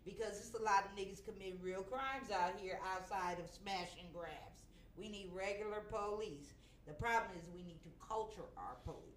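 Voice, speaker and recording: A woman's voice: mid-range voice, moderate pace, few pauses, reverberant, a little hiss or hum. A middle-aged woman in casual chat, blunt and profane with strong opinions.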